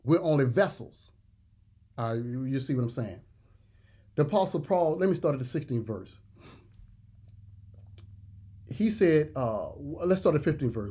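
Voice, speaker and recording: A man preaching a sermon, emphatic, repeating words and slowing down to stress the scripture he reads. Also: a little high, sing-song, warm tone, husky.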